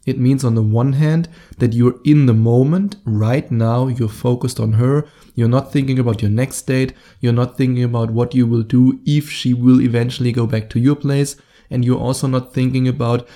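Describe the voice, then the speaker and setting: German-accented male dating coach, solo podcast host, direct, mellow and gravelly in tone. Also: mid-range voice, fairly even intonation, moderate pace. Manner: direct, coaching, addresses the listener.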